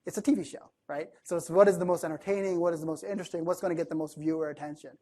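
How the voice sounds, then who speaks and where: A man from the East Coast of the United States giving a conversational keynote talk to a room of listeners, chatty and lively, often asking the audience questions. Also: fairly high pitch, racing. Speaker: keynote speaker.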